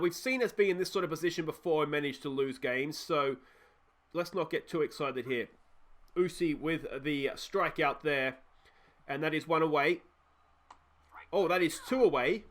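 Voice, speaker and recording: A young Australian man giving casual, excitable play-by-play commentary on a baseball video game, joking at his own expense and talking to his viewers. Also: on the high side. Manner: excitable, self-deprecating, talks to viewers.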